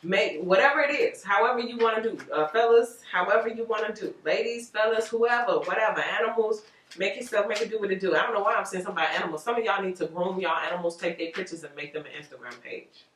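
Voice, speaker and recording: A woman giving a casual tarot reading to viewers, animated and rambling, with frequent laughs. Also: medium pitch, fast, far from the mic, slight background noise. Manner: animated, chatty, loose and rambling, laughs often. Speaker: tarot reader. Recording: roomy echo, voice off-mic.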